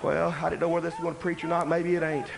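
An older man preaching a sermon, swinging between loud shouting and quiet talk. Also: on the high side, little pitch movement, very fast, creaky, a crowd in the background, rough recording. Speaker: pastor.

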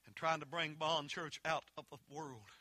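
A man with a Southern Appalachian accent preaching a holiness sermon, telling folksy stories that swell into impassioned shouts. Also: a little high, fairly even intonation, normal speed, no echo.

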